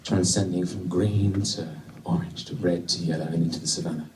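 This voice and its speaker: A man from Britain doing a stand-up routine, telling a wry story with sudden excited bursts. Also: low voice, a little fast, far from the mic, a little hiss or hum. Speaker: stand-up comedian. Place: comedy venue with a live audience. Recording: echoey venue, mic from afar.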